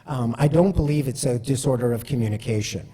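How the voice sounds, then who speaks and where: Man, presenter, mellow, loose and chatty with lots of fillers, long hall echo. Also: mid-range voice, a little fast, slightly rough. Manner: conversational, frequent fillers and "right?" asides. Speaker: speaker giving a talk. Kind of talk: storytelling presentation.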